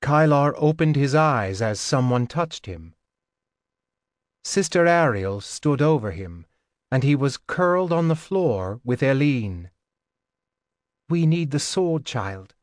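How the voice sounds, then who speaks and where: A man narrating a fantasy audiobook in a measured, steady reading on a close mic. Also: medium pitch, no room sound. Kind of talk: scripted narration.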